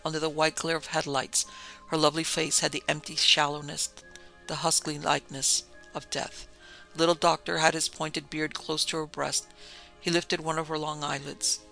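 A man narrating an audiobook in a steady, evenly paced storytelling manner. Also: a little high, moderate pace, creaky, faint music behind.

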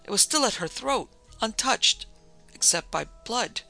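A man's voice: on the high side, normal speed, vocal fry, sharp tone, faint music behind, exaggerated voice. A man voicing an anguished middle-aged doctor, earnest and strained, reading him in an audiobook.

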